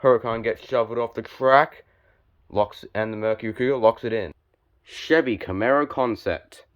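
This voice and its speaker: A young man giving play-by-play commentary on a toy car joust, calm and measured with sudden excited spikes on big hits. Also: mid-range voice, muffled recording.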